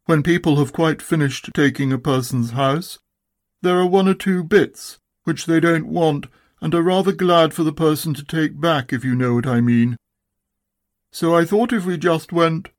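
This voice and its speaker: A man's voice: a little high, dry recording, studio quality, pitched above the performer's own voice, lightly acted. A man doing Eeyore, a gloomy old donkey. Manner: slow, mournful, sighing delivery. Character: gloomy old grey donkey, melancholy and self-pitying. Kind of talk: storybook reading.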